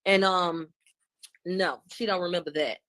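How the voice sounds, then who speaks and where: Woman commentator, casual animated recap, slangy and loose. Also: lowish voice, measured pace. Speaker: commentator recapping court testimony.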